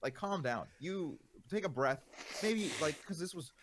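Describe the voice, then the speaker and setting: A male streamer vents to his audience in loose, profane talk. His pitch swings widely as he gets worked up, then dips low and quiet when he calms. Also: unhurried, background noise. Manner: exasperated ranting, profane, lots of fillers. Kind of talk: casual stream chat.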